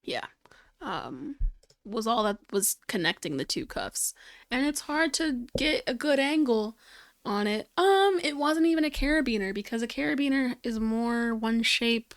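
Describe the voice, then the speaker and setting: A woman's voice: on the high side, lively intonation, unhurried, no echo, clean studio sound. A woman streamer chatting casually while crafting, rambling and searching for words, with playful sound effects.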